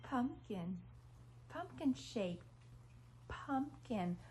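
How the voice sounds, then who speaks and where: A woman's voice: on the high side, big pitch swings, extremely slow, darkish tone, slight background noise. A woman hosting a preschool show, talking to toddlers in an exaggerated, sing-song way as she teaches and reads aloud. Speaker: children's show host.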